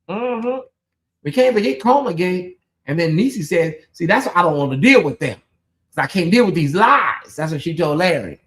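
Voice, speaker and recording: A man hosting a casual late-night livestream, chatting about gossip and talking straight to his viewers in lively asides. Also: high voice, moderate pace. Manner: chatty, addresses viewers directly, animated asides. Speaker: livestream host.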